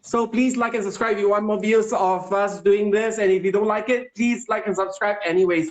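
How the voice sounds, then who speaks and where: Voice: mid-range voice, fairly even intonation, reverberant, far from the mic. Joking host over music. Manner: wrapping up briskly, joking. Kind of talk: casual chat.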